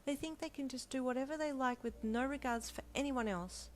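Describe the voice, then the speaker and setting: A woman voicing an upset, tearful young pregnant wife in an audio fanfiction role-play, talking high and agitated. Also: normal speed, slight background noise, close to an everyday voice. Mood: angry.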